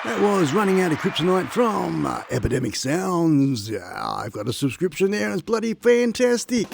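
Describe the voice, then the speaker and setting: A man hosting a casual live stream, excitable and laughing as he plays music and gives shout-outs to viewers from his home studio. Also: sits high, moderate pace, creaky, slight background noise. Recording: music playing behind.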